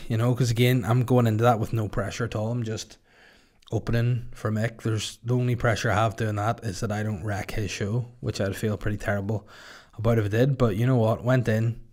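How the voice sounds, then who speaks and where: A young man with a Northern Irish accent, a comedian hosting a solo podcast and chatting casually with jokey, rambling deadpan asides. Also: medium pitch. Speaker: podcast host and stand-up comedian.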